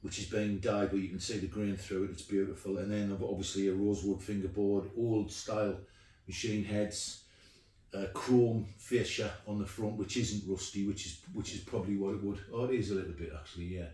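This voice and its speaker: A man's voice: on the low side, steady tone, a little fast, warm tone. A middle-aged man, chatting casually and rambling with plenty of ums as he shows off his guitars. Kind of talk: casual show-and-tell. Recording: echoey room, mic at a distance.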